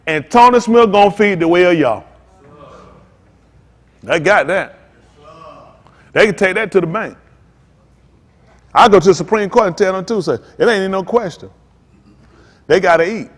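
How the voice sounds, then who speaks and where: A man's voice: high voice, big-room sound. A man preaching a sermon as pastor, fervent and repetitive in casual vernacular speech.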